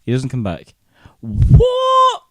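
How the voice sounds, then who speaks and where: A man's voice: fairly low pitch, quick pace, mellow, no room sound. A man co-hosting a casual podcast chat, teasing his co-host and telling stories dramatically.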